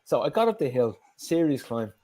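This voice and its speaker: A man's voice: medium pitch, very animated, moderate pace, warm tone. An Irish man, a guest on a show, telling a story in casual chat, with lots of fillers and the odd swear word.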